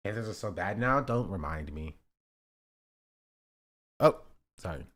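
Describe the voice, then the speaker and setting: A man's voice: deep voice, expressive, measured pace, a bit bright. A man from North Carolina, streaming and reacting to clips while joking with his chat. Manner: joking, talks back to chat. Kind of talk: casual live-stream reaction commentary.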